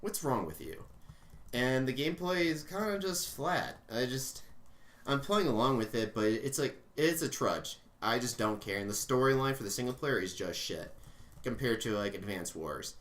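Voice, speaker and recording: A man's voice: mid-range voice, lively intonation, normal speed, fairly bright tone. A young man co-hosting a casual gaming podcast, ranting with lots of swearing and filler words. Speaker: podcast co-host.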